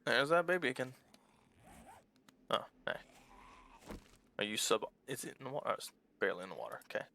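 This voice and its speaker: A man's voice: medium pitch, animated, fairly quick, background noise. A man giving casual, rambling let's-play commentary as a small YouTuber, candid and swearing easily. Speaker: small YouTuber playing a game.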